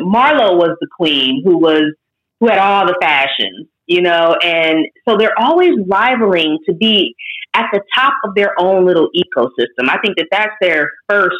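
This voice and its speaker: A woman with a slightly low voice unpacks her ideas at length in academic phrasing. Her podcast audio has a somewhat dull, lo-fi edge. She sounds measured and reflective. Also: animated. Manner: thoughtful, expansive, academic phrasing. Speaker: podcast guest, commentator. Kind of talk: analytical podcast discussion.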